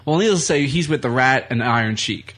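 A man's voice: mid-range voice, expressive, fairly quick, a bit bright. A man who is a guest comedian and wrestler, telling rambling, profane anecdotes as casual chat on a talk radio show in the studio.

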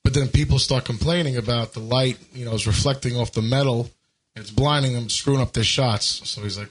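A man's voice: mid-range voice, fairly even intonation, fairly quick, husky, low-quality recording. A man on a radio talk show telling long jokes in a plain storytelling way. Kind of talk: casual joke telling.

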